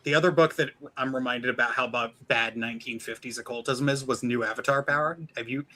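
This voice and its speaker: A man chats casually on a stream as a podcast guest, his medium-pitched voice steady yet sharp and quick. He stumbles over restarts and slips into a mock announcer voice to quote books. The recording quality is low.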